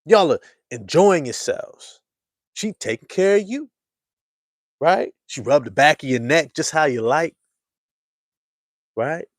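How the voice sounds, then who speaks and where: A man riffs to his live chat on a basketball fan show. His voice sits a little high, and he swings from loud hype down to a low murmur, leaning on slang and repeated lines. The sound is dry and close. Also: lively intonation, slow, pauses often, dry recording. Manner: slangy, repeats phrases for emphasis. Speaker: sports show host.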